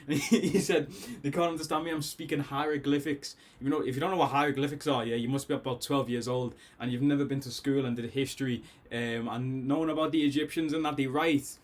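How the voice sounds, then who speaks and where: Scouse male reaction host, excitable and rambling, a bit tipsy, home bedroom setup. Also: medium pitch. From Liverpool, England. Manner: excitable, rambling, laughs often. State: tipsy after drinks. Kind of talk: casual album reaction.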